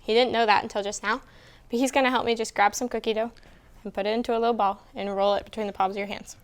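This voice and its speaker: A woman's voice: on the high side, fairly even intonation, fast, clear, resonant tone. A young woman co-hosting a casual student cooking show, explaining each step and teasing her partner. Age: young adult. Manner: bossy, teasing, explains steps.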